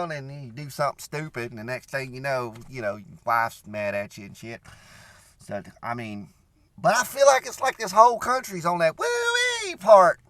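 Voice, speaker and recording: A man's voice: medium pitch, a bit bright, dry recording. A man playing a rambling, beer-drinking redneck, in a comedic character monologue full of "you know".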